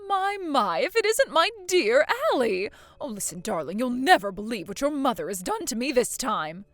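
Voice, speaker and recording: A woman's voice: fairly high pitch, very animated, normal speed, no echo. A woman voicing a scheming, pompous mother-in-law in a voiced story drama, haughty and accusing. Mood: pleading. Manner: haughty, accusing, self-pitying.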